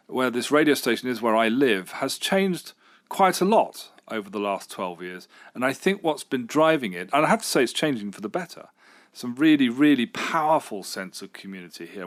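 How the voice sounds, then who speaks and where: Answering an interviewer's questions, this middle-aged radio station manager speaks in a medium pitch. His replies are eager and meandering, peppered with fillers and false starts.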